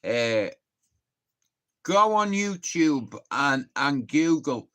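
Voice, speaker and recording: A young Irish livestreamer chats casually on stream in a mid-range, animated, slow, slightly bright voice. He rambles through sweary stories and laughs at his own tales.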